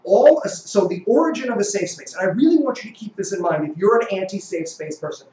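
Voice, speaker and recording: A man's voice: sits high, lively intonation, brisk, warm tone, reverberant, a little hiss or hum, rough recording. A man who is a guest in a live debate and argues in an earnest, explanatory way.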